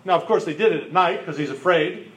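Man, high voice, pastor, casual jokey sermon. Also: brisk, fairly bright tone. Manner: conversational, jokey Bible retelling.

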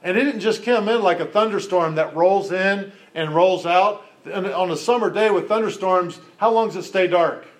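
High-voiced pastor preaching. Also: male voice, moderate pace, few pauses. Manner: storytelling, animated, asks the congregation questions. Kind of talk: sermon.

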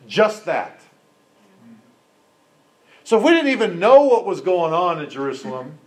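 A man preaching a sermon, retelling a scripture story and asking his listeners questions in a lively storytelling manner. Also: high voice. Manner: storytelling, animated, asks the congregation questions. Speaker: pastor.

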